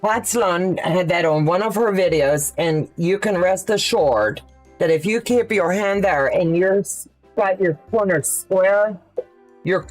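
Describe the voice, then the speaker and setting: A woman hosts a live quilting demonstration from her sewing room, speaking slowly and unhurriedly. She chats and thinks aloud as she goes. Soft music plays faintly in the background. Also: lowish voice. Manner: chatty, thinks aloud with fillers, answers viewer questions. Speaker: quilting livestream host.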